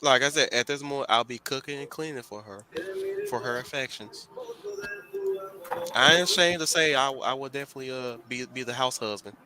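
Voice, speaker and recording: A man hosting a casual chat, excitable and laughing often, with casual swearing. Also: mid-range voice, fairly quick, noisy background. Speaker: host.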